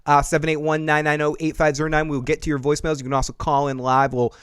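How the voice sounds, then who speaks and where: A man hosting a casual TV recap podcast, animated and profane, laughing often and taking calls. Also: fairly high pitch, quick pace, clean tone, dry recording, studio quality. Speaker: podcast host.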